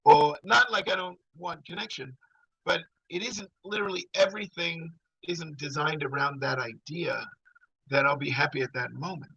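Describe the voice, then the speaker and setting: A man's voice: fairly high pitch, normal speed, vocal fry, sharp tone, slightly rough, no room sound, highs cut off. A middle-aged man telling a personal story in a rambling, conversational way. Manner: rambling, conversational, full of fillers.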